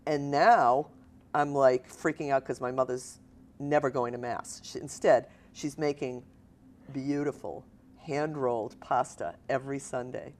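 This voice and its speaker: Older woman author in her sixties, low-pitched, animated storyteller at a live reading. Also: measured pace. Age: 60s. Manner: animated storyteller, laughs often. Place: stage at a writers event.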